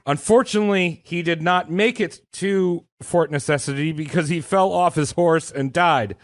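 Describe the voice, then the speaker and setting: Irreverent man retelling history, bit high. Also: moderate pace, dry recording. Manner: irreverent storytelling, puts on voices for historical figures, swears freely. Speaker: podcast co-host telling history. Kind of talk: casual comedic history podcast chat.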